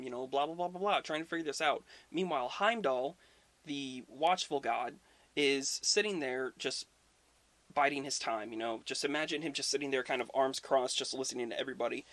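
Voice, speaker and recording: A man's voice: medium pitch, fairly quick, a bit bright, no echo. Casual male history storyteller, dry sound. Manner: informal, swears, conversational fillers. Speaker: history video host.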